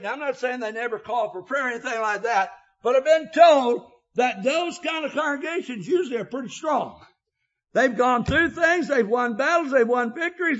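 An older man preaching an emotional sermon, often shouting, with a filler 'uh' between phrases. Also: very high-pitched, dull audio.

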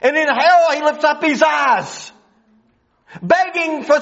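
A man's voice: extremely high pitch, very animated, slow pace, a bit bright. A man preaching a sermon, emphatic and full of rhetorical questions, on a dull lo-fi recording.

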